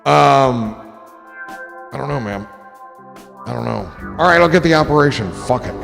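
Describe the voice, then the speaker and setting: This livestream host's mid-range voice is expressive and a bit bright, moving at a moderate pace through rambling, profane, joke-filled chat that often trails off. The background carries clear music and crowd noise.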